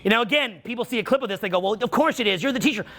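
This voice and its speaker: Man, social skills coach, high-ish voice, bright, teasing, live seminar talk. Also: racing. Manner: playful, teasing banter with volunteers. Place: seminar room with audience.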